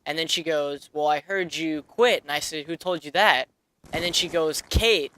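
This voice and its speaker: Bright-voiced young man rambling. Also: on the high side, normal speed, clear, resonant tone, no room sound. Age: 20s. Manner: rambling, with many fillers and restarts. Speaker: vlogger. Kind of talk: casual storytelling vlog.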